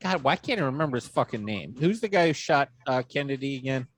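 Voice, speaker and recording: Dude ranting on a podcast, cusses a lot, jumps way up doing other people's voices, dry mic. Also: male voice, quick pace, no echo. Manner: animated, swearing, jumps pitch for quoted voices. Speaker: podcast co-host. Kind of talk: casual podcast chat.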